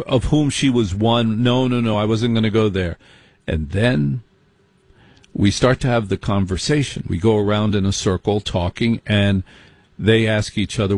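A comedian telling an animated comic story, acting out other people's voices as he exaggerates. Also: mid-range voice, husky, dry recording.

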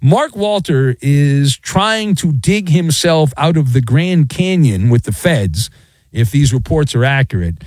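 A man's voice: a little high, animated, measured pace, darkish tone, no room sound. Guy ranting about sports ownership drama, jokey and theatrical, voice swinging all over, pretty dry sound. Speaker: sports commentator. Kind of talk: animated solo sports commentary.

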